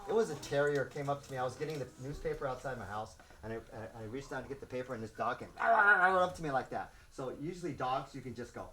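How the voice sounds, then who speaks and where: A man in his sixties who grew up in Los Angeles, a martial arts instructor telling stories to his students and acting out the shouts, laughing often. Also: medium pitch, quick pace, few pauses, slight background noise. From South Central Los Angeles. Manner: animated, acts out shouts and quotes, laughs often. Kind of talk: storytelling to students.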